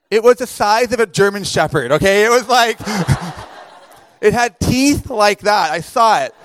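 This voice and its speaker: A man speaking at a camp, telling a funny story in a lively way with many fillers and laughs before turning it into a sermon. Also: high voice, no room sound. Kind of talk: humorous sermon to campers.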